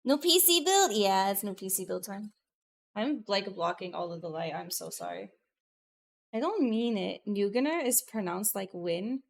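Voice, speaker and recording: A woman VTuber streamer chatting casually with her live viewers, excitable and profane, jumping between loud bursts and muttered asides. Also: mid-range voice, moderate pace, slight background noise.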